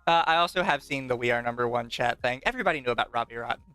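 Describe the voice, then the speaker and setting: Smooth-voiced podcast host telling stories. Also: medium pitch, racing, a bit bright, dry recording, faint music behind. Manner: rambling storyteller, laughs often, swears casually. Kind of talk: casual chat with a livestream audience.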